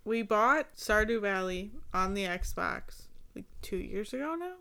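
A woman's voice: medium pitch, animated, measured pace, vocal fry, bright, forceful tone. A woman co-hosting a casual podcast chat, easygoing and teasing, laughing often. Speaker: podcast co-host.

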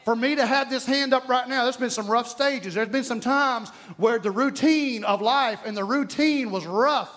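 A man's voice: very high voice, moderate pace, hardly any pauses, fairly bright tone. A man with an East Texas accent preaching a sermon as pastor, emphatic and folksy, repeating key lines and telling jokes. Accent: Southern US, East Texas.

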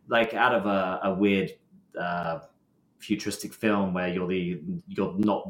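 A young man with a Scottish accent tells a personal story in a relaxed, self-mocking way, jumping into animated quoted lines. His voice sits somewhat low. The sound is roomy, with noticeable reverb. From Scotland. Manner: expressive, self-mocking, lively quoted asides. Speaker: guest. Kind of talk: casual storytelling.

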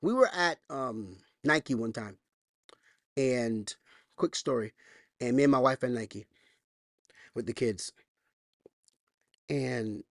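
A male pastor's church sermon alternates between loud, high-pitched scripture reading and quiet, conversational storytelling, delivered bluntly and emphatically with repeated phrases. The recording is dry and studio quality.

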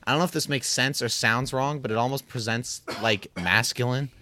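A man co-hosting a casual podcast, teasing and telling animated stories. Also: medium pitch, brisk, no room sound. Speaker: podcast co-host. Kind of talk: casual chat.

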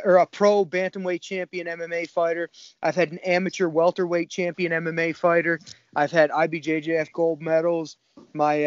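A man's voice: a little high, no room sound, highs cut off. A man in his thirties from Cape Breton, a jiu-jitsu coach talking in laid-back casual chat and swearing often. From Cape Breton, Canada. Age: 30s.

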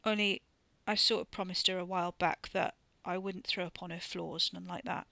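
Woman voicing a stoned drowsy man, lazy slurred drawl, bright crisp read. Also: high voice, flat delivery, moderate pace, no echo, full character voice.

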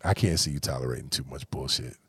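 A man in his forties hosting a podcast, chatting casually with blunt, profane talk that often drops to a low mutter. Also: fast, fairly bright tone, breathy edge, no room sound, studio quality. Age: 40s. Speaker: podcast host. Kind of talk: casual chat.

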